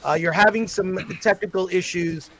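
A man's voice: high voice, moderate pace, a bit bright, a little hiss or hum. A man hosting a livestream as a mock judge. He speaks formally, like a judge, with frequent fillers, over a video call. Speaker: host presiding as mock judge. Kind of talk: mock-formal courtroom role-play on a livestream.

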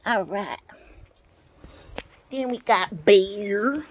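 A woman making a playful home video for a child, slow and sing-song, with soft drawn-out repeats. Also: medium pitch, expressive, a little hiss or hum. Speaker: home video maker playing with toys for a child.

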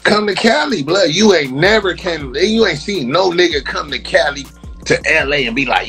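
A man's voice: on the high side, animated, moderate pace, a bit bright, faint music behind. Heated, mocking man ranting on a livestream.

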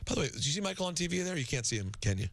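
A man's voice: on the high side, big pitch swings, creaky, fairly bright tone, no echo, studio quality. A man co-hosting sports talk radio in a casual, agreeable way, often restarting his sentences. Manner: easygoing, agreeable, halting.

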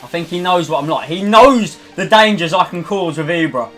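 A young man commentating his own football video game match, swinging between low muttering and swearing, shouting outbursts. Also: animated, normal speed, faint music behind. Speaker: gaming YouTuber. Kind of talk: live gameplay commentary.

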